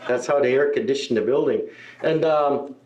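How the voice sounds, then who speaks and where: With a medium-pitched, slightly mellow voice at a moderate pace, a middle-aged man performs stand-up for a live indoor audience through a stage microphone on a stand. He spins self-deprecating stories laced with asides and "eh?" tag questions. The audio sounds dull.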